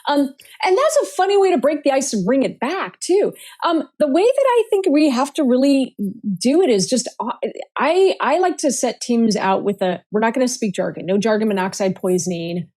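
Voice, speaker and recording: Upbeat woman guest, higher voice, quick jokes, casual interview chat. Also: lively intonation, a little mellow. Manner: playful, upbeat, coins jokey words. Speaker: guest, communication speaker.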